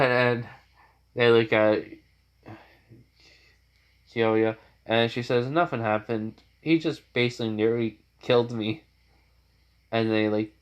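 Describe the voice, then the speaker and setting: A man's voice: medium pitch, smooth. A man casually narrating a fan-made story, rambling with loose restarts. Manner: rambling, many fillers and restarts.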